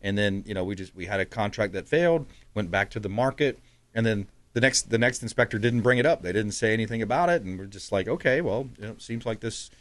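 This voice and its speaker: A man's voice: lowish voice, lively intonation, quick pace. A man hosting a casual talk show, chatty and folksy, often laughing as he talks. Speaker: host.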